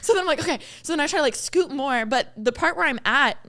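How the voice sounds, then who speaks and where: High bright-voiced girl in her 20s, podcast cohost rambling through a funny story, laughs a lot. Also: quick pace. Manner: animated storytelling, acts out her own reactions, laughs often, swears. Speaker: podcast co-host. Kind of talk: casual chat.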